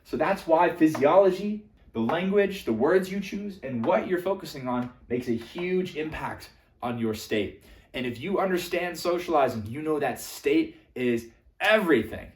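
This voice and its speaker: A young man coaching on social skills, animated and casual, swinging between loud emphatic bursts and quiet asides, now and then swearing for emphasis. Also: fairly high pitch, moderate pace. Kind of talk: energetic coaching monologue to camera. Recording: echoey room.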